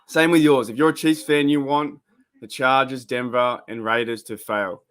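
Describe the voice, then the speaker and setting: An Australian man with a mid-range voice speaks at normal speed while hosting a live sports reaction stream. He chats casually and rambles, breaking into excitement when plays happen.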